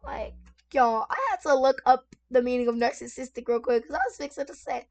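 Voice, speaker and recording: A woman's high, slightly mellow voice moves a little fast as she reads online stories aloud and reacts to them. Chatty and full of asides aimed at her viewers, she records at home on a desk microphone with lowered sensitivity.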